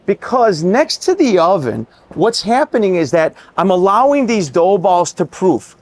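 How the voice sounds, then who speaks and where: A man's voice: high voice, big pitch swings, unhurried. A middle-aged man, a chef giving an enthusiastic, chatty cooking demonstration and talking straight to his viewers.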